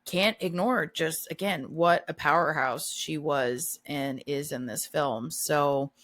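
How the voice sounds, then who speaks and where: Easygoing woman with a lower voice. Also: slow pace, fairly bright tone. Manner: easygoing, laughing, agreeable. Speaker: podcast co-host. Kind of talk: casual chat.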